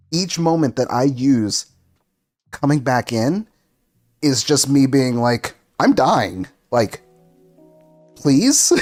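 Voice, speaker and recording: A man's voice: mid-range voice, a little mellow. A man streaming a game, telling a story casually and laughing often through it in a loose, self-mocking way.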